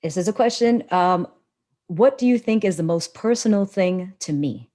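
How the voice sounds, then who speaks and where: Speaking into a laptop over a video call, this public speaking coach hosts a live webinar. She delivers her lessons with lively expression and wide tonal shifts, using a lowish voice at a normal pace.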